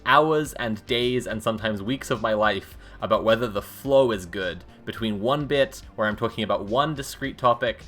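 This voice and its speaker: A woman's voice: a bass voice, moderate pace, hardly any pauses, fairly bright tone, soft background music. A woman live-streaming, reading a book aloud and breaking off into sarcastic, rambling commentary. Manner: sarcastic, rambling asides between read passages.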